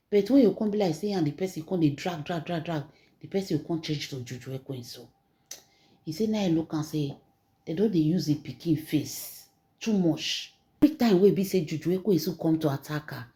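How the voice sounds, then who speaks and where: A woman's voice: low-pitched, dark tone. A woman with a Nigerian Pidgin accent retelling celebrity gossip dramatically, repeating words and acting out quotes. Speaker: gossip storyteller.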